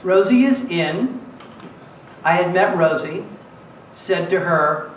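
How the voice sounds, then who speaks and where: A man's voice: high-pitched, animated, slow, long pauses. A man telling a story on stage to a live audience, acting out other people's lines. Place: small cabaret club with an audience. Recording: echoey, distant room mic with audience noise. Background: audience laughter.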